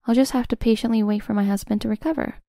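A woman in scripted first-person narration of a revenge story, smug and measured. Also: a little high, steady tone, dark tone, dry recording, clean studio sound.

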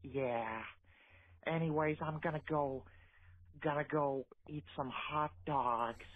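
Quiet man faking a Midwestern accent. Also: a little high, slow pace. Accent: put-on Midwestern American. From Finland. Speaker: caller in a played voice message. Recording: dull lo-fi phone message.

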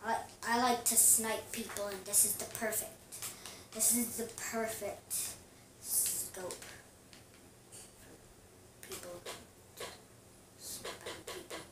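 A woman's voice: medium pitch, fairly even intonation, slow pace, pauses often. A woman casually commenting on her own gameplay, chatty and giggly, talking to herself as she plays. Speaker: gaming vlogger. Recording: echoey room, distant mic, noisy.

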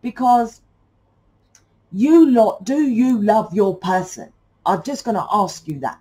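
A woman's voice: medium pitch, lively intonation, takes it slowly, dark tone, husky, rough recording. Rambling, chatty British woman. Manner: rambling, chatty, swears casually. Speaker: tarot reader. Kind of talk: casual spoken tarot reading.

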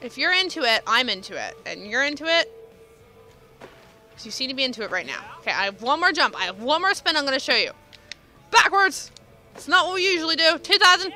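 Young woman let's player, high bright voice, self-mocking and teasing, faint game music. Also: sing-song, brisk.

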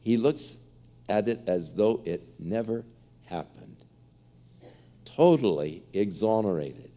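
A man's voice: on the low side, animated, slow, pauses often, warm tone. Man preaching a sermon. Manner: earnest preaching, acts out parable voices. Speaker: pastor. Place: large church.

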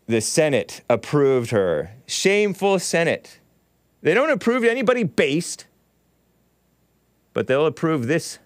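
A man hosting a podcast, his voice smooth and full, recorded dry and close. He talks at an unhurried, drawn-out pace but leaps between low mutters and high exaggerated exclamations, often chuckling as he mocks what he reads. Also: dry recording. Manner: mocking, theatrical swings of pitch and volume; often laughs at his own remarks. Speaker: host. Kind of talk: solo commentary on screenshots.

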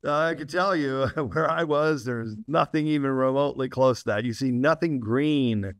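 An enthusiastic man talks at length as a podcast guest, laughing now and then. His voice has a middle pitch. The sound is dry and close, with no room around it. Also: normal speed, no room sound. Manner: enthusiastic, laughs often, steady explaining. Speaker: guest author. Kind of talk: podcast interview storytelling.

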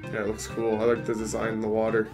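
Deep-voiced woman joking through a let's play. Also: completely flat delivery, quick pace, music in the background. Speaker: gameplay commentator. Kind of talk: casual co-op let's play chat.

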